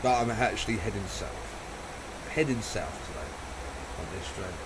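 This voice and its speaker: Male streamer, low-pitched, loose rambling chat with cursing, steady noise behind. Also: moderate pace. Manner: rambling, swearing, laughing often. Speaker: streamer playing a flight simulator. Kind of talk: casual live-stream chat.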